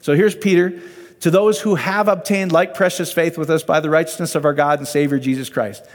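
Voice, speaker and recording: A man's voice: on the high side, fairly even intonation, brisk, long reverb tail. A man giving an informal, conversational sermon and Bible teaching, often asking his listeners questions.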